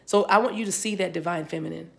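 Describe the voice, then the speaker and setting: A woman's voice: lowish voice, quick pace, gravelly. A woman giving a rambling, channeled spiritual reading, often repeating words as they come to her. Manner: rambling, repeats words as she receives them. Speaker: spiritual reader. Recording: spiritual reading recorded for a video.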